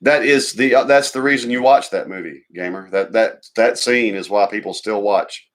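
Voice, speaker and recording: A man's voice: fairly low pitch, normal speed. A man co-hosting a casual livestream, joking around and reading viewer comments. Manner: laid-back, joking, reads viewer comments. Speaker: livestream co-host.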